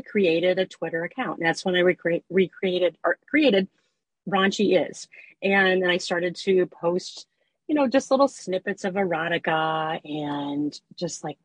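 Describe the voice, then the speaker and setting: A woman who writes and narrates erotica, telling her story as a guest in a casual, animated interview chat with plenty of fillers. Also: fairly low pitch, breathy edge, no echo, rough recording.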